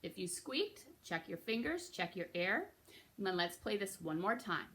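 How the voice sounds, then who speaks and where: Bright-voiced woman teaching recorder. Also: mid-range voice, very animated, moderate pace, slightly rough. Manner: patient, encouraging, checks in with frequent okays. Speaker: music teacher. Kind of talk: beginner recorder lesson.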